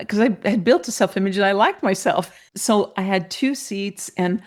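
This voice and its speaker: A middle-aged woman with a medium-pitched voice and moderate pace tells a personal story as a guest on a podcast interview. She narrates energetically, bringing other people to life by acting out their voices.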